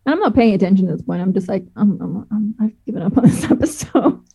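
Casual woman podcaster, animated and swearing, slightly dull sound. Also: mid-range voice, quick pace, creaky, husky. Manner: animated, swears and laughs often. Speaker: podcast co-host. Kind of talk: casual chat.

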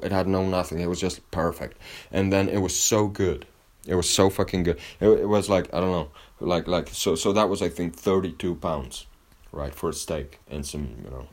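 A man's voice: low-pitched, darkish tone. A man telling a rambling story in a casual monologue, swearing constantly and restarting his sentences. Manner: rambling and heavily profane, with frequent restarts.

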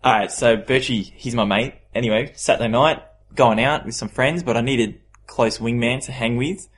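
A man's voice: medium pitch, normal speed, slight background noise. A young man who hosts a podcast, telling stories and joking in casual chat with his mates. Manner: laughing, storytelling banter. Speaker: podcast host.

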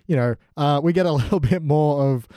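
A man's voice: fairly high pitch, a little fast, dark tone, no echo, studio quality. A man co-hosting a podcast in casual chat, joking around and slipping into silly voices. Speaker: podcast co-host.

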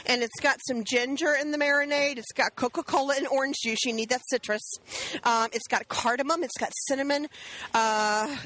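Woman cooking host, middle-aged, bright forceful tone, chatty step-by-step explainer. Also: high-pitched, steady tone, moderate pace, dry recording, low-quality recording. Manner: chatty, explains steps to viewers. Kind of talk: casual cooking demonstration.

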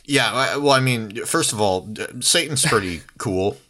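A man's voice: mid-range voice, expressive, normal speed, sharp tone. A man bantering in a joking, laid-back way during a casual podcast chat.

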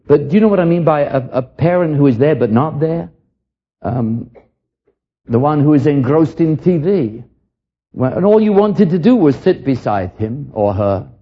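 A man's voice: a little high, breathy edge, highs cut off. An older man from England preaching a sermon, earnest and reflective, often repeating a word as he starts a line.

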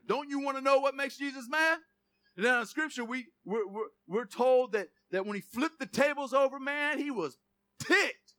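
A male pastor giving a sermon in a lively, joking way, reading scripture aloud. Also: extremely high pitch.

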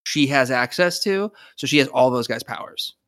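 A man's voice: mid-range voice, animated, normal speed, a bit bright, no room sound, studio quality. A young man co-hosting a casual podcast, often restarting his words, laughing and swearing casually. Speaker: podcast co-host. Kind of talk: casual chat.

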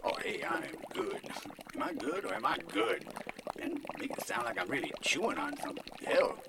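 An actor playing a bewildered modern man stuck in a dream as a groveling servant, who booms flowery praise and mutters confused asides. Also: wildly swooping pitch, brisk. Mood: baffled. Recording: noisy recording.

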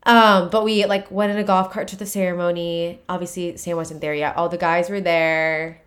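Rambling young woman, low voice. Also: flat delivery, normal speed. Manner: rambling, many "like" fillers and restarts. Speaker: podcast co-host. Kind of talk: casual chat.

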